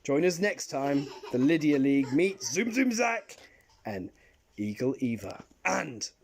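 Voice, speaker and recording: A woman reading her own illustrated children's story aloud with a lively, expressive storytelling delivery. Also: deep voice, unhurried, a little hiss or hum.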